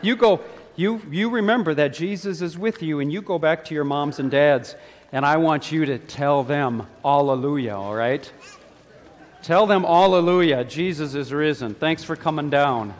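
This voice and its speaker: A man's voice: on the high side, normal speed. A man, a pastor, giving a children's sermon in a church, playful and coaxing as he asks the kids questions. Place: church sanctuary. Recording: long church reverb.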